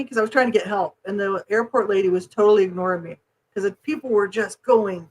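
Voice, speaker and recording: A woman's voice: medium pitch, a little fast, low-quality recording. A woman from New Mexico co-hosting a podcast, telling stories in a casual chat and acting out the people in them. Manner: animated storyteller acting out voices, laughs often. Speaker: podcast co-host.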